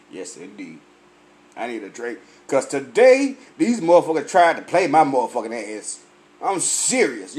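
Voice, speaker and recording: A tipsy man delivering a profane comedic rant, swearing constantly and mimicking other people's questions. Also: a little high. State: tipsy, sweating. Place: lively night venue with drinks.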